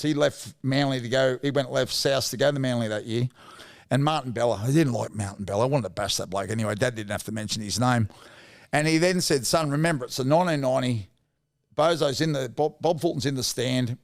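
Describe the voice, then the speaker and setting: A man's voice: mid-range voice, fast talker. A man in his fifties with an Australian accent, a former footballer telling blunt, slangy stories as a guest in a casual interview. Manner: blunt, laddish yarn-telling with slang and swearing. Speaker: guest, former rugby league player.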